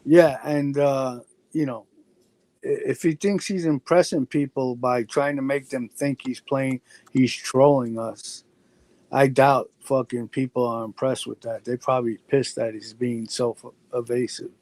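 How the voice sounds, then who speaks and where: A man joining a livestream chat as a guest, speaking in halting remarks with frequent swearing. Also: medium pitch, fairly even intonation, a little mellow, dry recording. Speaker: stream guest. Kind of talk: casual chat.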